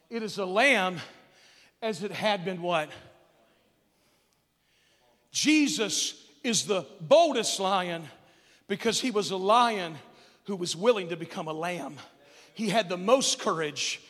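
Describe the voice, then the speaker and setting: A man preaching a sermon as pastor, emphatic and rising to shouts on key phrases, then dropping to soft asides, in a church sanctuary. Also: sits high. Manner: drops to soft, hushed asides. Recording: long hall reverb.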